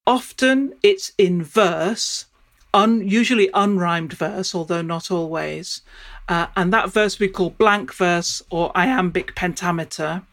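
Her voice is fairly low and her delivery slow as this professor of Shakespeare studies explains in an interview. She works through ideas aloud, repeatedly halting and restarting what she's saying.

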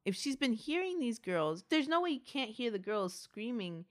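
A woman's voice: a little high, big pitch swings, normal speed, no room sound, clean studio sound. A woman hosting a podcast, narrating a true-crime story in a chatty way with asides. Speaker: podcast host.

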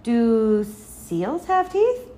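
A woman doing a high, excited little girl. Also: drawn-out words, heavily acted. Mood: curious. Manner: high, excited, sing-song. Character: small eager girl with a loose tooth. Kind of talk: storybook reading.

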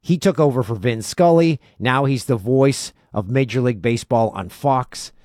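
A man's voice: medium pitch, moderate pace, a little mellow, dry recording, studio quality. A man hosting a sports podcast, talking with effusive enthusiasm. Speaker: podcast host. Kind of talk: casual sports chat.

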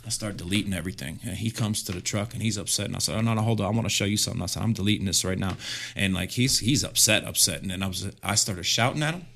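A middle-aged man telling a story as a podcast guest in casual chat, animated and full of fillers, laughing often. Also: on the low side, very fast, gravelly. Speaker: podcast guest, graffiti artist.

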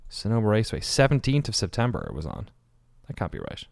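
A man talks through a solo podcast off the cuff, rambling and swearing and catching his own slips as he goes. His voice sits a little low. The sound is close and dry, with no room around it. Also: huge pitch swings, fast talker, creaky, darkish tone, dry recording. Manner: rambling, off-the-cuff, swears, corrects himself often. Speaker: podcast host.

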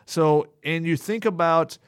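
Southern male co-host, slightly high voice, casual football analysis, dry studio mic. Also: a little slow, clear, resonant tone, no room sound. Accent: Southern American. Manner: analytical, filler-heavy with "you know". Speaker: podcast co-host. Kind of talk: casual sports podcast chat. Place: podcast studio.

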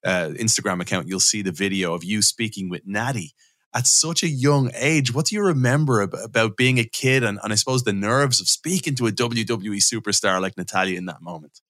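A male co-host asks the guest a question in a halting way, repeating words as he goes. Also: lowish voice, a bit bright, no room sound. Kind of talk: casual interview questions.

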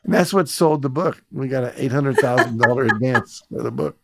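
A man's voice: mid-range voice, brisk, vocal fry, noisy background. A man hosting a podcast interview, chatting casually and telling reflective stories. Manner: storytelling, reflective. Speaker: podcast host.

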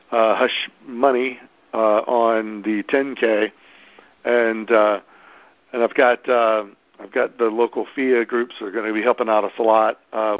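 A man's voice: medium pitch, dry recording, highs cut off. A man organizing a hosted event, chatting casually and enthusiastically with many restarts. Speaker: local event host organizer. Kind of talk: casual podcast chat.

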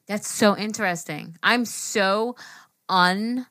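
A woman from New York co-hosting a podcast, chatting in an animated, amazed and giggly way. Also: medium pitch, a little slow, no echo. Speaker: podcast co-host. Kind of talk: casual chat.

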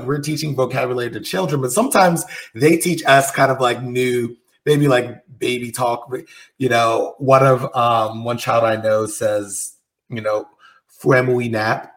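Soft-spoken male podcast host. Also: mid-range voice, a little slow. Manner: relaxed, filler-heavy, thinking aloud. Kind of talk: casual podcast chat.

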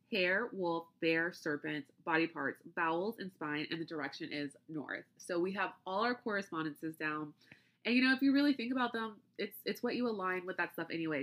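A woman with a fairly low, bright and forceful voice hosts a casual podcast chat. Item by item she reads long lists aloud, then loosely explains things, with restarts throughout.

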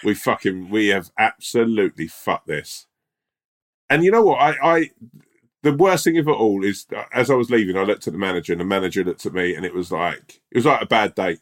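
Swearing, animated man. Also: fairly low pitch, fast talker. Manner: animated storytelling, sweary and emphatic. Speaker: podcast co-host. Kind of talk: casual chat.

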